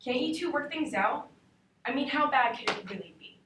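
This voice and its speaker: Young woman doing a distraught teen girl, pleading and accusing, high bright voice, roomy classroom from far off. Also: animated, normal speed, noisy background. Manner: pleading and accusing, rising to shouting. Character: distraught teenage girl whose parents are divorcing. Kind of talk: acted dramatic monologue.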